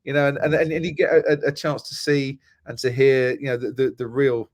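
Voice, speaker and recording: A man's voice: mid-range voice, steady tone, fairly quick, a little mellow, no echo, studio quality. Chatty storytelling middle-aged Englishman. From England. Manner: chatty, storytelling, many restarts. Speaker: guest, motorsport commentator. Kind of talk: casual podcast chat.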